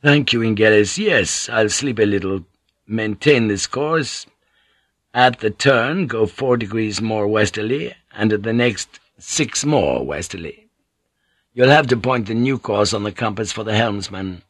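A man voicing a gruff, seasoned ship pilot who talks bluntly and teases with salty words in a storybook reading. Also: on the low side, measured pace, a bit bright, dry recording, clean studio sound. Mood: wry.

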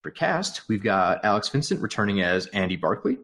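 A man's voice: fairly low pitch, very animated, brisk, fairly bright tone. A man co-hosting a casual movie commentary podcast, reading out trivia notes and laughing often. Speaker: podcast co-host.

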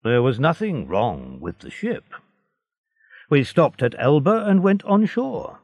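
A man's voice: a little high, huge pitch swings, takes it slowly, a little mellow, no echo, highs cut off, pitched above the performer's own voice, full character voice. A man voicing a complaining, resentful ship's officer in a storybook reading.

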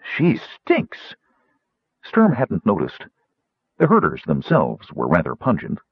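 A man narrating an audiobook in a husky voice with a very varied delivery, on a dull lo-fi recording. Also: fairly low pitch, huge pitch swings, unhurried, no room sound. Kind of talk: scripted narration.

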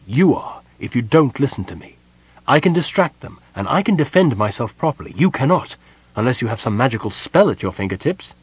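A man's voice: mid-range voice, animated, moderate pace, no room sound, natural voice. A man voicing a dutiful young male knight who is firm and protective. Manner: earnest, respectful, urgent.

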